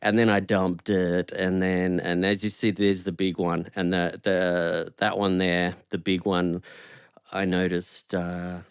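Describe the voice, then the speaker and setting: A man co-hosting a comedy podcast, unhurried and deadpan, and often chuckling at his own lines. His voice is low-ish and smooth. He talks very slowly and the sound is dry. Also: dry recording. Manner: slow, deadpan, chuckling to himself. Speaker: podcast co-host. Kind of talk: casual comedic chat.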